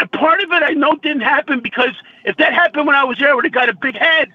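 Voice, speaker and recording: A man calling in and crying as he tells a faith story, halting and stammering between phrases. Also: very high-pitched, pushed and bright, dry recording. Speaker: caller. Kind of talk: telling a personal faith story. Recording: dull phone line.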